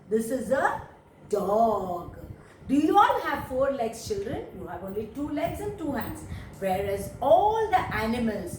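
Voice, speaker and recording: Woman, teacher for young kids, sing-song, fairly high voice, echoey room. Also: distant mic, a little hiss or hum. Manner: sing-song, slow and emphatic with animal sounds.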